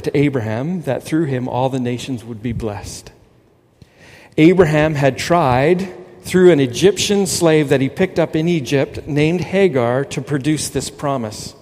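A man preaching a sermon, animated and quoting scripture with emphasis. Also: mid-range voice, long reverb tail. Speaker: pastor.

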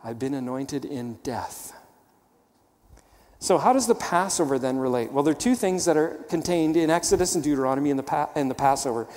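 A man's voice: on the high side, animated, fast talker, hardly any pauses, darkish tone, big-room sound. A man preaching a sermon, teaching emphatically and asking rhetorical questions. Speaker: pastor.

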